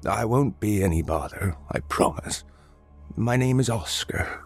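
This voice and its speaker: A man voicing a frail old homeless man in a read-aloud story, with a hoarse, scratchy, courteous and formal way of speaking. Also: fairly low pitch, animated, unhurried, darkish tone, faint music behind, pitched above the performer's own voice, heavily acted. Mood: grateful, courteous. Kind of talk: storybook narration.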